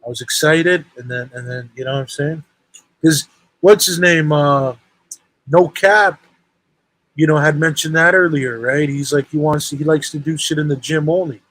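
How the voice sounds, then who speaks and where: Young man, slightly high voice, rambling street-slang storyteller, casual call-in chat. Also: normal speed, fairly bright tone, rough recording. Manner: rambling, street slang, lots of "bro" and "right?".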